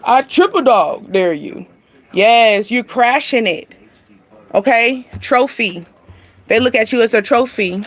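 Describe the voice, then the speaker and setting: Chatty high-voiced woman giving a reading. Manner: chatty and animated, laughs often, talks straight to viewers; informal slangy speech with y'all and ain't. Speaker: spiritual reader and channel host. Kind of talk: casual spiritual reading to camera.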